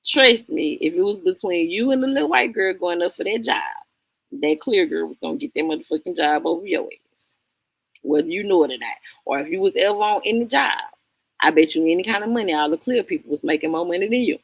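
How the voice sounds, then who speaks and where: A Southern woman with a lowish, gravelly, slightly rough voice talks a little fast on a dry recording. She hosts a casual livestream, reading chat and answering viewers bluntly and directly while laughing often.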